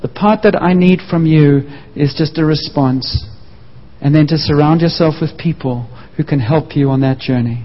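A man's voice: fairly high pitch, moderate pace. A man preaching a sermon, sharing his own story in an earnest, personal way. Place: church. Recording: muffled echoing church hall.

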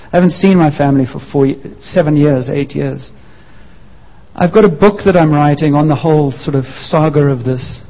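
A man preaching a sermon, sharing his own story in an earnest, personal way. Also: a little high. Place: church. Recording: muffled echoing church hall.

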